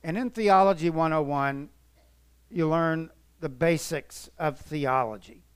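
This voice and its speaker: Male pastor, emotional sermon delivery, loud and soft by turns, slows to stress words; smooth, dry. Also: fairly high pitch, dry recording. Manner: emotional, earnest, swells and drops in volume.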